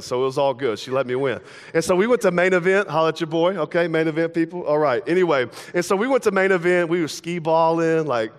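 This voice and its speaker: Playful pastor preaching in a hall. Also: male voice, fairly high pitch. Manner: casual, playful, acts out everyday dialogue in quick asides. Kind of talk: sermon. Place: church sanctuary. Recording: long hall reverb.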